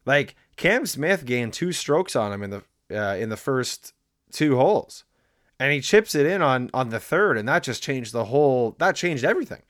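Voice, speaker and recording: A man's voice: medium pitch, big pitch swings, moderate pace, a bit bright, no echo. Man, sports podcast co-host, casual chat, rambling, self-deprecating, dry close sound.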